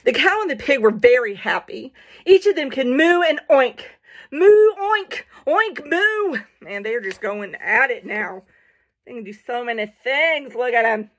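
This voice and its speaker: Playful high-voiced woman reading aloud. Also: animated, normal speed. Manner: playful, chatty asides to viewers. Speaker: storybook reader for children. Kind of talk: reading a picture book aloud.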